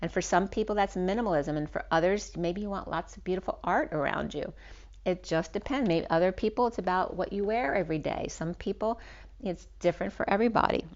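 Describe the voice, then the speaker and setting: Lower-voiced woman giving a rambling tarot reading. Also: brisk, a little mellow, highs cut off. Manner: rambling, with frequent restarts and ums. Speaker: tarot reader. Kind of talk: spiritual tarot reading monologue.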